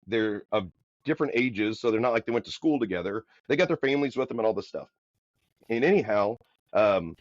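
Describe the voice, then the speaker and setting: A man from the Midwest, a podcast guest, telling a story in a loud, energetic, casual way. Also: mid-range voice, dry recording. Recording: dull, dry podcast audio.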